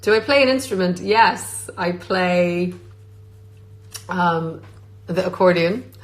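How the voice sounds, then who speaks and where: A woman with a slightly low voice, talking casually into her phone on a live stream. She reads out fans' questions and answers them with lots of "um"s along the way. She is an actress chatting easily from Scotland. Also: steady tone, slow, rough recording. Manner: reads questions aloud, many filler ums. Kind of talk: casual livestream Q&A. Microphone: phone on a social media live stream.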